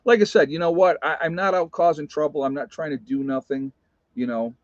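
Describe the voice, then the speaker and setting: A man's voice: fairly high pitch, steady tone, a little fast, no room sound. A man in his fifties telling a personal story in a rambling, casual way, full of "you know" and restarts. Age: 50s. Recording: dry, slightly dull sound.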